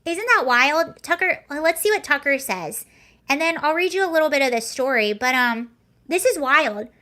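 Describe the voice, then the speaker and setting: A woman's voice: high-pitched, lively intonation, normal speed, bright, forceful tone. A young woman hosting a casual livestream, talking in a chatty, rambling way and often correcting herself mid-sentence. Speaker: livestream host.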